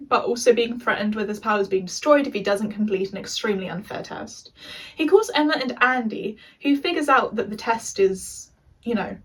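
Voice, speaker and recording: Chatty English young woman, husky. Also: a little high, recorded from a distance, poor audio. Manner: chatty, sarcastic asides. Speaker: video essayist. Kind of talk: casual recap rant.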